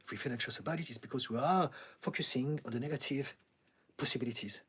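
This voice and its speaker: Calm, husky-voiced male therapist. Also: medium pitch, quick pace. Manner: calm, steady and reassuring, with frequent light laughs. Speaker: therapist hosting a live Q&A. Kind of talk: live-stream Q&A, reading chat comments.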